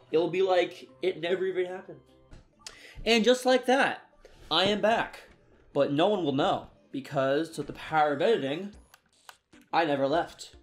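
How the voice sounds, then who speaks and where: A tired young man giving casual, self-mocking commentary on his own gameplay, talking to himself as he plays. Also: a little high. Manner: chatty, self-mocking, talks to himself while playing. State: tired and yawning. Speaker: let's play gamer.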